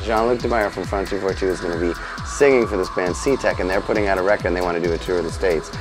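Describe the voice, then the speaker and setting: A man being interviewed, telling animated, profane anecdotes about his band. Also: low-pitched, fast, music in the background, low-quality recording. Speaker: musician interviewee. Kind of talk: storytelling interview.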